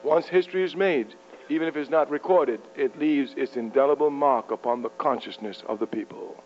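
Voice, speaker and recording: A man's voice: mid-range voice, a little fast, darkish tone. A man delivering an impassioned political speech to university students, rhetorical and fiery, chuckling at his own jokes. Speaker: public speaker addressing university students. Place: university lecture hall. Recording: muffled archival tape with mains hum.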